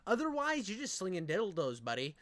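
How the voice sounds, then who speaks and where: Casting: a high-pitched man, dry close mic, crude and mocking reaction commentary. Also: a little fast, dry recording. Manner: mocking, profane, excitable. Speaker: stream host reacting to a video.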